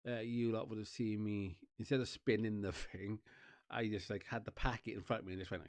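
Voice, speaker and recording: A man's voice: on the low side, fairly even intonation, moderate pace, darkish tone, no echo. A man chatting casually to his viewers, rambling, repeating himself and laughing often. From Wales. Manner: rambling, repeats "you know what I mean", laughs often. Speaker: streamer and vlogger.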